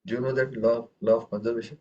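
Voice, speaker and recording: A man teaching a tabla class, patient and instructive, checking in often and chanting rhythm syllables for his students. His voice sits at a middle pitch. The recording is muffled and lo-fi. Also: flat delivery, quick pace, a little mellow. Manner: patient, repeats "okay" and "right?", chants syllables aloud. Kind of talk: classroom music lesson. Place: room with students.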